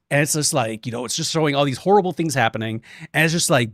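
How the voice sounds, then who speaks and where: A young man streaming, chatting casually and telling a story, animated and swearing, acting out quotes in different voices. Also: mid-range voice, fast talker, no echo, studio quality.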